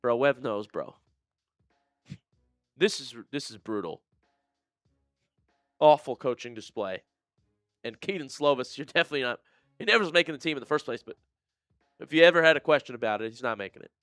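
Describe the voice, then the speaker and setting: Bright, crisp-voiced excitable fan streamer. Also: male voice, a little fast, pauses often, dry recording, studio quality, faint music behind. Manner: excitable, swinging between shouted calls and low disgusted muttering. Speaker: fan watch-party streamer. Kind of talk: live play-by-play fan commentary.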